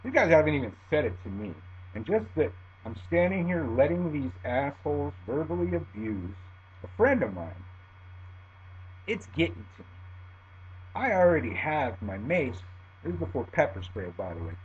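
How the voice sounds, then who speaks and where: A middle-aged man spins a profane personal tale, his voice fairly high and swooping through a lively range as he swings between loud bursts and low mutters. The recording sounds dull and lo-fi, with a faint hum underneath. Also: normal speed.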